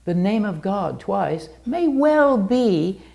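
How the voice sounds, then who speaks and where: Woman presenter, very gravelly, lively rising and falling delivery, rambling and restarting sentences, illustrated talk. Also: medium pitch, slow pace.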